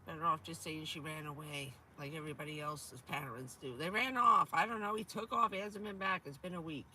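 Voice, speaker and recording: A woman with a hoarse, stuffy voice from a cold, chatting casually on a vanlife livestream from her van, laughing often and answering her viewers. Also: low-pitched, a little fast, bright, forceful tone, a little hiss or hum. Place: inside a camper van.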